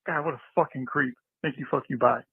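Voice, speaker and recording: A man's voice: medium pitch, steady tone, fast, vocal fry, slightly rough, no room sound. Profane male caller on a phone line. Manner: ranting, profane. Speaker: voicemail caller. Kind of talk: phoned-in rant. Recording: tinny phone voicemail.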